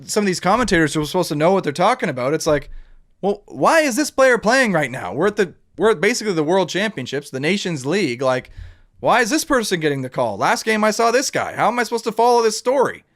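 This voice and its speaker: Animated podcast host man. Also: high-pitched, fast. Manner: animated, emphatic, rambling with restarts. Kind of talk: casual chat.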